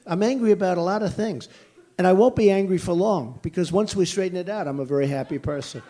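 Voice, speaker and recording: A man's voice: sits high, fast, warm tone. An older American man fields questions at a political rally in a blunt, emphatic way, circling back to the same phrases. His voice sits a little above the usual male range. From United States. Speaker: presidential candidate at a rally. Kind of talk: campaign rally Q&A. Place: large indoor venue.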